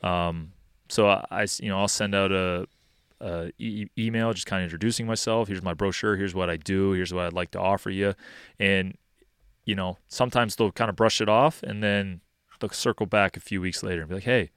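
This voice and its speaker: Young man, hockey coach, deep resonant voice, laid-back talker with plenty of fillers. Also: brisk, clean tone, no echo, studio quality. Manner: relaxed and rambling, many fillers like "you know" and "um". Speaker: hockey skills coach and podcast guest. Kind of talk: casual interview chat.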